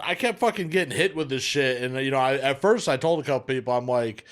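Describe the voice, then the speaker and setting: A man's voice: medium pitch, animated, fast talker, a bit bright. Swearing male podcast storyteller, mid voice. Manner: loose storyteller, heavy swearing. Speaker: podcast co-host. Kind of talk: casual chat.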